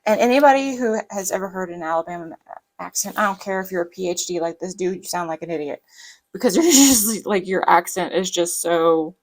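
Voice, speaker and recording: A planner vlogger with a light Southern US accent rambles chattily as she works on her planner, using plenty of fillers. Her voice is fairly low and fairly quick, and the recording quality is poor.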